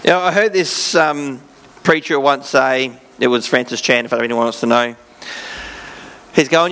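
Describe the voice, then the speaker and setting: A man's voice: mid-range voice, normal speed, fairly bright tone, clear, resonant tone. A man preaching a sermon in church, reading scripture with joking asides in a casual way. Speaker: pastor.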